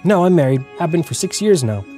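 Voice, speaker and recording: A man voicing a calm, soft-spoken male coffee shop owner in a game. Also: fairly high pitch, brisk, soft background music, natural voice.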